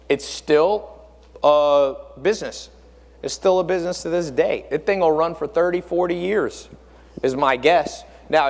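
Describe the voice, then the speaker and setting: Man speaking in an echoing hall. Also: on the high side. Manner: animated, rhetorical questions to the audience. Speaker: speaker at a mentor conference. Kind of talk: live seminar talk. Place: conference room with audience. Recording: long reverb of a hall.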